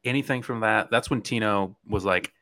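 A man's voice: fairly low pitch, moderate pace, bright, forceful tone. A young man co-hosting a podcast, teasing his friends playfully while recapping a dating show. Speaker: podcast co-host. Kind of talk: casual reality TV recap chat.

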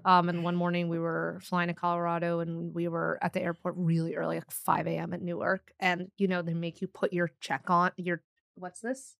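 A woman, a podcast guest, telling an anecdote in a teasing, animated, casual way. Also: fairly low pitch, normal speed, gravelly, no room sound, clean studio sound. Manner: teasing, animated, laughs easily. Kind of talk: casual storytelling.

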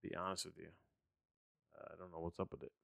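A man's voice: low voice, flat delivery, fast talker, vocal fry, a bit bright, dry recording, studio quality. Rambling male movie podcast host. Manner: rambling, lots of fillers and restarts. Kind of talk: casual movie review monologue.

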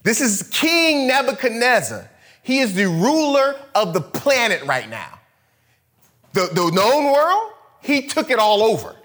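Animated preacher man telling a story. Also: extremely high pitch, a little slow. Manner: animated storytelling, acts out characters in casual slang. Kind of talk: sermon.

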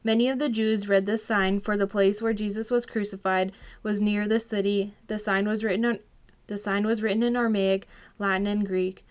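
Clear-voiced woman reading scripture. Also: mid-range voice, level tone, moderate pace. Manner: plain read-aloud narration with small restarts. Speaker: scripture reader.

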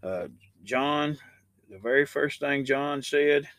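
A man's voice: mid-range voice, takes it slowly, a bit bright, dry recording. A man hosting a Christian podcast, talking in a loose, rambling way and reading scripture aloud with rising emphasis. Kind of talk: casual spoken sermon.

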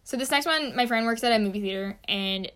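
A woman's voice: fairly high pitch, fast, a bit bright. A young woman telling a work story in casual chat, rambling and saying "like" constantly. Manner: rambling, heavy use of "like".

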